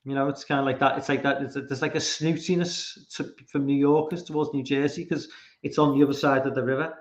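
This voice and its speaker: A man's voice: mid-range voice, steady tone, fast. A man from England, chatting casually as a podcast guest and rambling, often repeating words while he thinks. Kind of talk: casual chat. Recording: roomy, dull lo-fi sound.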